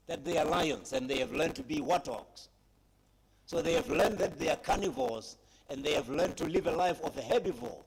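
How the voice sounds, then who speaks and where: A man giving a public speech at a heritage conference, retelling a story dramatically with emphatic pauses and addressing young people. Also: fairly high pitch, vocal fry, a little mellow.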